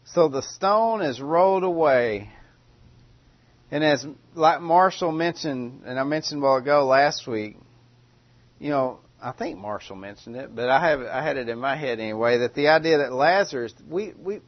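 Man preaching with dramatic hush. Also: mid-range voice, animated, no echo, highs cut off. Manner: dramatic, with loud cries and hushed pauses. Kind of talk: sermon.

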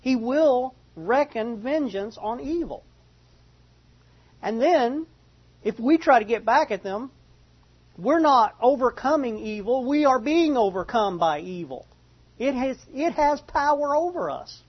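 A man preaching a sermon, reading Bible passages slowly, then repeating and explaining them. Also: very high-pitched, expressive, husky, lo-fi sound. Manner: reads scripture slowly, then restates and explains it. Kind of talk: slow expository Bible teaching.

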